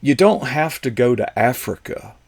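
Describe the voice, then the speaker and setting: A man's voice: medium pitch, expressive, normal speed, gravelly, a little mellow, no room sound. A man hosting a talk show, a psychologist who chats in a folksy way with joking asides. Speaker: host, psychologist. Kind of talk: casual chat.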